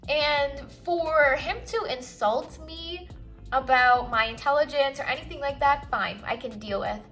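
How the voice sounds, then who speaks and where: Young woman, casual makeup chat, fairly high voice, frank, music underneath. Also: unhurried, a bit bright. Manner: chatty, frank, peppered with "like". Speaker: doctor and vlogger. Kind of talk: casual get-ready-with-me chat.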